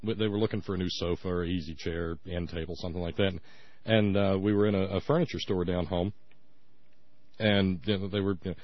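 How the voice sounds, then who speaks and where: A man's voice: sits low, fairly even intonation, brisk, no room sound. A man co-hosting a radio show in casual chat, telling folksy anecdotes and repeating words as he thinks. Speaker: radio co-host. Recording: dull lo-fi radio audio.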